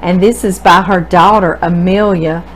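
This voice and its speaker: A woman's voice: fairly low pitch, steady tone, moderate pace, slight background noise, poor audio. A woman with a Southern Louisiana accent, a cooking channel host chatting casually and gushing as she reads viewer mail aloud. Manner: gushing, effusive, calls viewer "girl". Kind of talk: casual chat reading viewer mail to camera.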